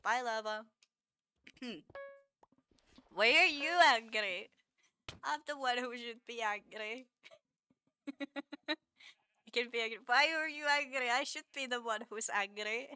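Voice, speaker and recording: A woman's voice: fairly high pitch, measured pace, pauses often, bright, forceful tone, slight background noise. A woman streamer chatting casually with her viewers, laughing constantly, stammering and repeating words in playful mock outrage.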